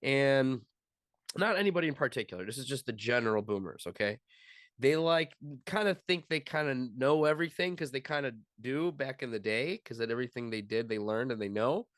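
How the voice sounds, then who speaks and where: A man's voice: medium pitch, expressive, a little fast, no echo, studio quality. A man co-hosting a comedy podcast, from Chicago, chatting casually and joking around in silly put-on accents. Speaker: podcast co-host.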